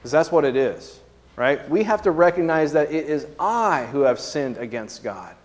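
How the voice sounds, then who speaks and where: Man, pastor, conversational sermon, fairly high voice, long hall reverb. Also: lively intonation, moderate pace. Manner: conversational preaching, frequent tag questions and fillers.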